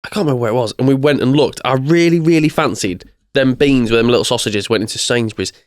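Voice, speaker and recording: A man's voice: mid-range voice, fast talker, no room sound, studio quality. A man co-hosting a comedy podcast, laughing often and speaking emphatically in casual chat. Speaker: podcast co-host.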